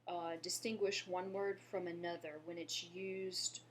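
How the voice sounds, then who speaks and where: A woman from Louisiana teaching a French lesson, patiently explaining and pausing to have listeners repeat after her. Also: on the low side, little pitch movement, noisy background. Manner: patient, slows down to model pronunciation and asks viewers to repeat. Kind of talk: language lesson.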